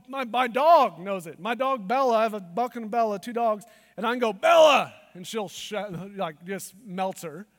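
A man preaching a sermon, dropping to hushed asides and rising to loud, emphatic declarations. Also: high-pitched, long reverb tail. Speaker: pastor.

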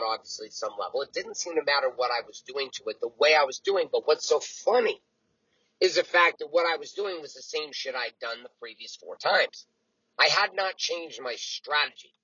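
A man in his early forties hosting a motivational podcast, telling a story in a blunt, profane, animated way. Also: mid-range voice, breathy edge, lo-fi sound. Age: 40s. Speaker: podcast host. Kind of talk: motivational monologue.

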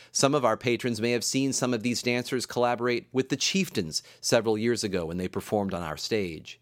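A low-voiced man lecturing in a dry room. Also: a bit bright, no echo. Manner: measured, explains by counting beats aloud. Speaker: composer and music teacher. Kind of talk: recorded explanatory lecture. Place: school campus room.

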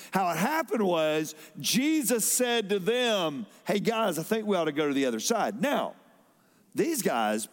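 A man preaches from the pulpit in a high voice. His delivery swings from loud emphasis to sudden soft drops. Long reverb rings through the large church hall around him. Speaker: pastor. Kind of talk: sermon.

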